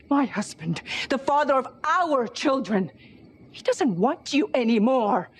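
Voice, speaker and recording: Brief: high, lively-voiced wife in a soap, accusing and emphatic, soft score behind. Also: female voice. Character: furious wife confronting husband's ex. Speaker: soap opera character. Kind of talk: daytime soap acting.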